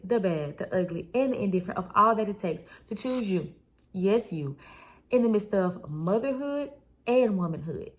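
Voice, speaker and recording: Emphatic, playful woman podcast host. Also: mid-range voice. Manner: emphatic, playful and conversational with slang. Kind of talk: motivational podcast monologue.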